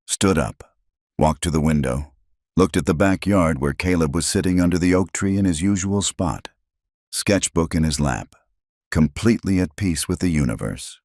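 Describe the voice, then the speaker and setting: A middle-aged man narrating a first-person story in a measured way, with dramatic pauses. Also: deep voice, a little mellow, no echo, clean studio sound.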